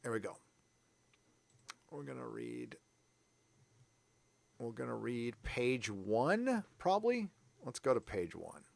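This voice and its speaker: A man's voice: mid-range voice, sing-song, takes it slowly, vocal fry, long pauses, no echo. A man from San Diego hosting a live stream, chatting casually in a rambling, self-deprecating way. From San Diego, California. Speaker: livestream host.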